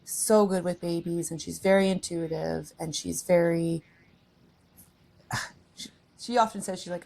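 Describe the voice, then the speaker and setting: A woman with a low, gravelly voice talking in a relaxed, reflective way. She tells personal stories earnestly, in a casual podcast chat. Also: measured pace, long pauses. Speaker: podcast co-host.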